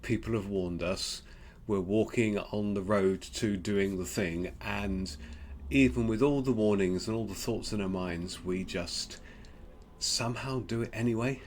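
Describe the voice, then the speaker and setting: A man with an Australian accent giving a gentle, reflective Lenten devotional, pausing often with ums. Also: fairly low pitch, slight background noise. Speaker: preacher.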